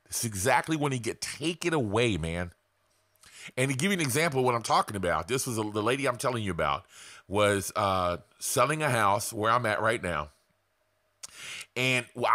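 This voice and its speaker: Lively swearing man coaching sales. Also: mid-range voice, moderate pace, dry recording, clean studio sound. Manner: swears freely, blunt and excitable. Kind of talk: casual profane sales talk to camera.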